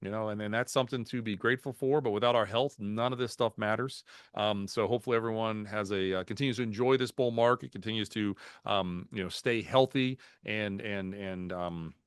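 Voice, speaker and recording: A man giving a lively, folksy market talk on a video call, mixing jokes and anecdotes into the numbers. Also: lowish voice, a little fast, few pauses, clean tone, no room sound, clean studio sound. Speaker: market strategist guest speaker. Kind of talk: webinar presentation.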